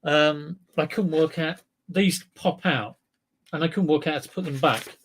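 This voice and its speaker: A man's voice: a little high, normal speed, a little hiss or hum. A man hosting a casual live stream, chatty and rambling, telling dad jokes.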